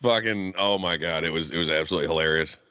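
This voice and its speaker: Deep and fast, his voice pushed and bright, a man co-hosts a podcast full of cursing, laughing anecdotes where he plays out what others said. The sound is dry, dull, and lo-fi.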